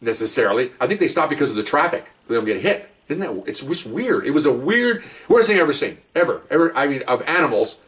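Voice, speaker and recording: Fast-talking man telling cop stories. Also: mid-range voice, sing-song, a bit bright, distant mic. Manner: rambling, chatty, with many asides and restarts. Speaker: police officer telling stories. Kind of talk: casual spoken storytelling.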